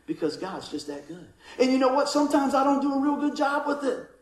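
Male pastor, high voice, animated storyteller, roomy echo. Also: a little fast. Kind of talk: sermon.

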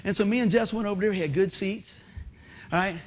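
A middle-aged pastor, speaking in a notably high voice. His sermon is folksy and conversational, full of jokes for the congregation and animated, shouted retellings of stories. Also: fairly quick. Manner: animated storytelling, acts out shouts and exclamations.

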